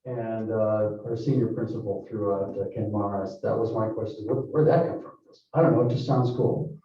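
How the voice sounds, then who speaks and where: A man presenting a building project at a public meeting, talking haltingly with frequent fillers and restarts. His fairly low voice sits far from the microphone and rings around a very echoey council chamber. The sound is dull and muffled. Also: steady tone. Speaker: project developer presenting to a town board. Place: town hall meeting room.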